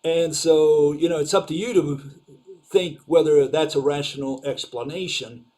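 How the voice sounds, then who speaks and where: A man's voice: on the high side, steady tone, normal speed, warm tone. A man giving an informal, sarcastic lecture over slides, questioning ideas and using lots of fillers.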